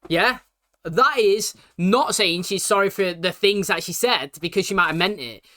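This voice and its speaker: A British man rambling casually as he reacts to a sitcom, in a bright, forward voice. His talk is chatty and loose, with plenty of asides. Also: high-pitched, moderate pace. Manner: chatty, rambling, laughs often. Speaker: reaction video host. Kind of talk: casual commentary.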